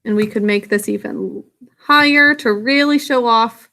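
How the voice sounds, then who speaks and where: A woman teacher walks her students through a science lesson in a recorded video. She explains patiently and step by step, pausing on small fillers, in a voice sitting a little higher than most women's. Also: bright, forceful tone.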